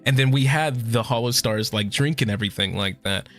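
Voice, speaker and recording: A man's voice: medium pitch, fairly quick, a bit bright, soft background music. A young man streaming casual chat, tearful and swearing a lot as he thanks his viewers.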